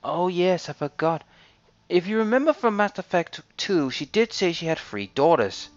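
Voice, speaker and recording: A man's voice: sits high, sing-song, normal speed, no echo. Man muttering through gameplay commentary. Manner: muttering to himself while exploring. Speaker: let's play host. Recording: dull lo-fi recording.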